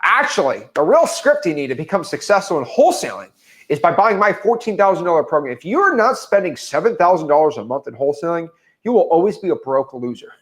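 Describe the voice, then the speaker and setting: A man doing a smug male wholesale coach who hard-sells a costly program. The voice sits a touch high and swings widely in pitch. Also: sing-song, fast. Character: slick pushy male wholesale coach selling a pricey program.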